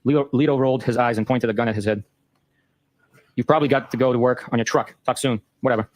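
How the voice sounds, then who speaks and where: A man hosting a show, reading a long exchange of text messages aloud in a brisk, matter-of-fact way. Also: mid-range voice, steady tone, darkish tone, no echo. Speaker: host.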